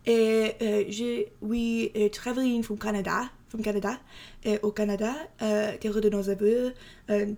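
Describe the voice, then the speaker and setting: A woman's voice: mid-range voice, flat delivery, warm tone, lightly acted. A woman putting on a French accent to play a young female tourist who halts and mixes in French words. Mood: playful mock. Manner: halting, sprinkled with French words.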